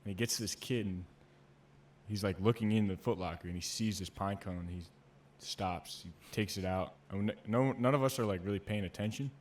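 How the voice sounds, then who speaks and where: A man's voice: lowish voice, a little fast, a little hiss or hum. Man hosting a casual podcast chat. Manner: relaxed, profane, lots of "like" fillers. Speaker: podcast host, former Marine.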